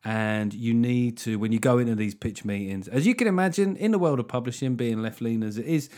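A man's voice: medium pitch, a little fast, darkish tone. A middle-aged man hosting his own podcast, chatting casually with rambling, self-deprecating jokes. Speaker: comedian and podcast host. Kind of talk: casual solo podcast chat.

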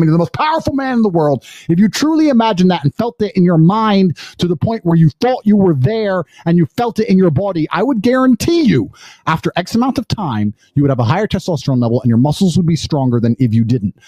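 A man in his thirties hosting a podcast, talking in a forceful, boastful, preaching way. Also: high voice, expressive, fast talker, dry recording. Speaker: podcast host. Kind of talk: emphatic podcast monologue.

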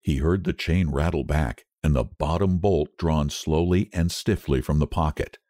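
A man hosting a literature podcast, reading a story aloud in a measured, dramatic way. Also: very deep voice, dark tone, dry recording, clean studio sound. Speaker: podcast host and narrator. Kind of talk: scripted storytelling narration.

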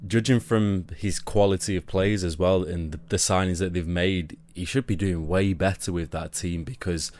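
Deep-voiced man giving football analysis. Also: fairly even intonation, moderate pace, hardly any pauses, a little mellow. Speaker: podcast co-host.

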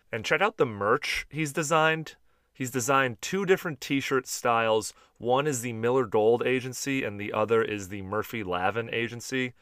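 A man hosting a podcast, reading sponsor notes and chatting with a guest in an upbeat way, quick to laugh. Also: medium pitch, a bit bright, dry recording, studio quality. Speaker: podcast host. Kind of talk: casual podcast chat.

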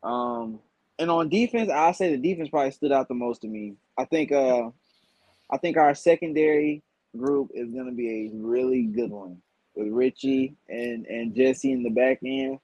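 A man guest on a podcast, giving measured sports analysis in casual chat and thinking aloud as he goes. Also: mid-range voice, warm tone, no room sound, low-quality recording.

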